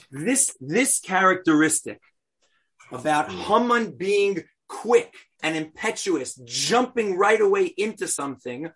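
A man teaching a scripture class, chatty and animated, joking in asides and chanting verses aloud. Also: on the high side, breathy edge.

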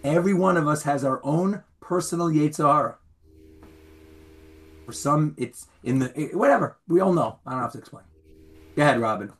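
A man teaching a Torah class as rabbi, informal and animated, acting out stories and raising his voice for the punchlines. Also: a little high, moderate pace, pauses often. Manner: animated storyteller, shouts when acting out scenes.

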